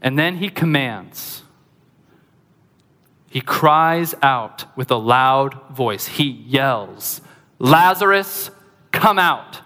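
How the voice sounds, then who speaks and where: A man preaching a sermon as pastor, lively and conversational, with joking asides to the congregation. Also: mid-range voice, drawn-out words, long pauses, in a large hall.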